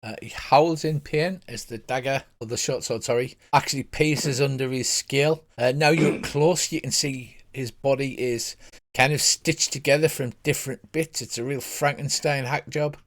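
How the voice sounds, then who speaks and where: A man at mid pitch guides his friends through a tabletop battle as game master. He narrates in a loose, easygoing way, peppered with ums and uhs. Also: normal speed. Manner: relaxed, chatty narration with frequent fillers.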